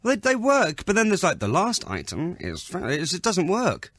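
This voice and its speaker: A man's voice: sits high, huge pitch swings, moderate pace, a bit bright, no room sound, clean studio sound. A man hosting a radio show, chatting in a teasing, casual way. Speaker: radio host.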